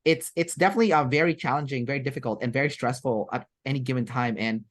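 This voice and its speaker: A woman's voice: very deep voice, fast. A woman as an interview guest, talking in a rambling, chatty way with many fillers and restarts. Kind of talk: casual interview chat.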